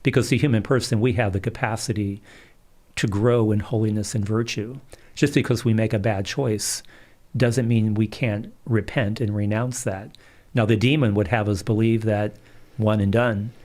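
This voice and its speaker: A middle-aged man, a Catholic priest, calmly telling stories in an interview. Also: lowish voice, normal speed. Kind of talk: storytelling in a livestream interview.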